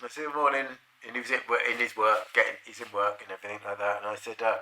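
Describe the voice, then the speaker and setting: A man's voice: on the low side, flat delivery, fast talker, pushed and bright, a little hiss or hum. A middle-aged man, telling a personal anecdote in a rambling, profane, chuckling way. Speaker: storyteller. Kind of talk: casual anecdote. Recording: roomy echo.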